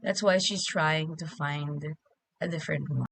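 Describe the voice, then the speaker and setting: Woman cohost chiming in, kinda low voice, super dry mic. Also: measured pace, creaky, fairly bright tone, no room sound. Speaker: podcast co-host. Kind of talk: casual podcast chat.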